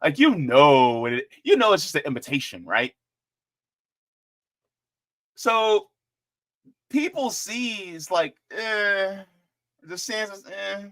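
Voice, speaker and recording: A man's voice: sits high, gravelly. A man hosting casual political commentary, joking and talking straight to his viewers. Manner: joking, animated, talks to viewers directly.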